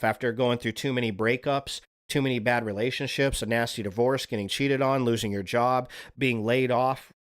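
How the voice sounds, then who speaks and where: A man hosting a livestream, talking in a casual, earnest, rambling monologue and swearing now and then. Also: medium pitch. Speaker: livestream host.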